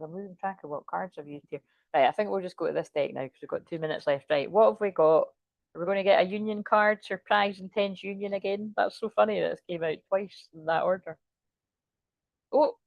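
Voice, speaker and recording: A woman's voice: lowish voice, vocal fry, no echo. A woman doing a casual, rambling tarot reading and swearing now and then. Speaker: tarot reader.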